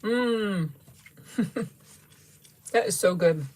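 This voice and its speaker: A middle-aged woman speaks extremely slowly in a mid-range, slightly mellow voice while hosting a casual livestream. Tasting a sweet, she thanks viewers by name in gushing fashion and giggles frequently.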